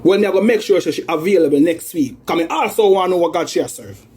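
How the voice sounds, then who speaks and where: A man's voice: sits high, fast, darkish tone. A Jamaican man speaking in patois, airing an aggrieved, accusing rant about a family dispute. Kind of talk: heated spoken rant in patois.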